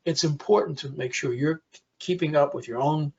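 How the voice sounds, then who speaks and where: A man's voice: a little high, normal speed, vocal fry, darkish tone, breathy edge, highs cut off. A man giving a conversational webinar presentation for caregivers, with frequent fillers.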